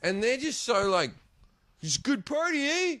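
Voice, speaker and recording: A man's voice: very high voice, very animated, normal speed, fairly bright tone, no echo. A man in his forties with an Australian accent, a comedian telling a crude, sweary story in a casual podcast chat. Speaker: comedian guest.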